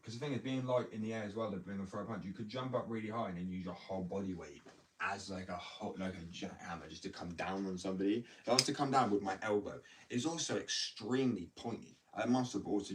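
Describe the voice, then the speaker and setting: Fast-rambling low-voiced man. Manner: rambling, fast and heated, with frequent restarts and swearing. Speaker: skater vlogger. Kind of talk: casual rambling monologue. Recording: distant mic with faint background noise.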